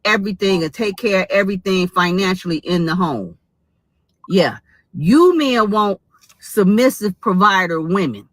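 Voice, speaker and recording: A woman's voice: medium pitch, lively intonation, moderate pace, dry recording. A woman giving opinion commentary in a played clip, lecturing and repeating her points for emphasis.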